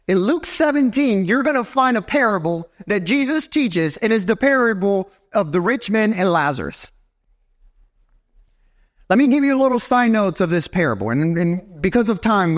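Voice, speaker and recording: Animated high-voiced male preacher. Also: moderate pace. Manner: animated preaching, talks straight to the congregation with frequent "right?". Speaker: pastor. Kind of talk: sermon. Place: church sanctuary.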